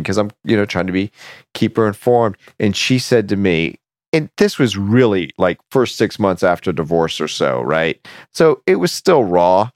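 Dad telling a story, dry close sound. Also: male voice, on the low side, no echo. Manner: storytelling, laughs easily. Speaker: podcast co-host. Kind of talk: casual chat.

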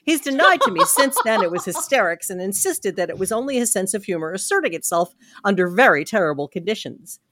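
A woman's voice: medium pitch, very animated, brisk, hardly any pauses, a bit bright. Woman reading aloud with wry asides. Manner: wry, joking asides between passages. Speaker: podcast co-host reading a novel aloud.

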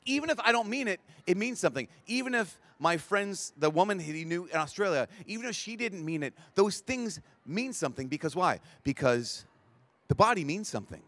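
This priest's voice sits high and moves a little fast, with no room sound. At a large event he gives a conference talk to a live audience, telling lively stories, performing the quoted people, and restarting sentences when excited.

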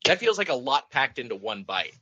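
A man hosting a casual live call-in podcast, rambling and wry, with many halting restarts. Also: mid-range voice, very animated, bright, forceful tone, husky, dry recording, lo-fi sound. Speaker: podcast host.

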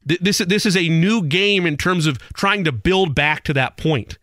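A man co-hosting a sports radio show, arguing his opinions in quick bursts on a studio mic. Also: fairly high pitch, a bit bright, dry recording. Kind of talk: casual sports radio chat.

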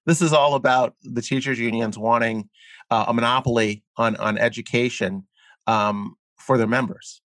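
A man speaking as a guest in an interview, explaining his views earnestly while halting often with fillers and repeated words. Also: medium pitch, steady tone, a bit bright, no room sound. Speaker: guest columnist. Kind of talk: conversational interview.

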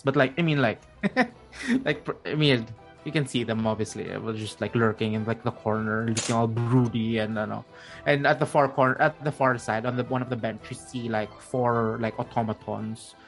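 A man's voice: mid-range voice, vocal fry. Rambling male game master, full of fillers. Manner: rambling, halting, many fillers. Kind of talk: narrating a tabletop game.

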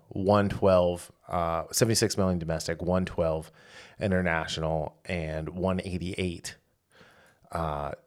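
A man co-hosting a relaxed podcast, his voice on the low side. He works through figures aloud, stopping for ums and uhs and correcting himself as he goes. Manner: rattles off box-office figures with fillers and self-corrections. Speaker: podcast co-host. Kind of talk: casual podcast chat.

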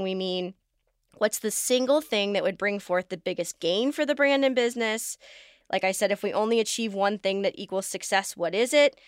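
A woman's voice: medium pitch, a bit bright, smooth, no room sound, clean studio sound. A woman co-hosting a podcast in a conversational way, with a wry, openly sarcastic tone. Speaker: podcast co-host.

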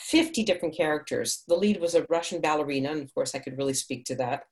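A woman's voice: low-pitched, fast talker, a little mellow. A middle-aged woman from Hungary, an actress, chatting upbeat in an interview, digressing and laughing often. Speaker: actress and audiobook narrator. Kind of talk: casual interview answers.

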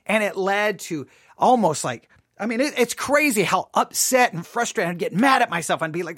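A man's voice: high voice, lively intonation, measured pace, no room sound. A man hosting a live podcast from his studio, telling a self-deprecating story in a chatty way, often asking "right?". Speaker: podcast host. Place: home studio.

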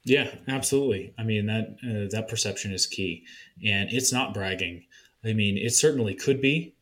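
A man with a lowish voice chats as a guest on a podcast. He speaks candidly and at ease, with lots of "you know" and "um" as he thinks aloud. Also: moderate pace. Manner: relaxed, candid, frequent fillers. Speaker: podcast guest, marketing consultant. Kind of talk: casual podcast conversation.

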